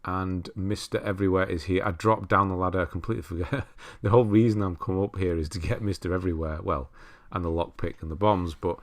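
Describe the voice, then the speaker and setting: Male game walkthrough host, deep voice, casual and self-deprecating. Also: fast talker, hardly any pauses. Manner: relaxed, chatty, laughs at himself, self-correcting. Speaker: walkthrough commentator. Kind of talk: casual gameplay commentary.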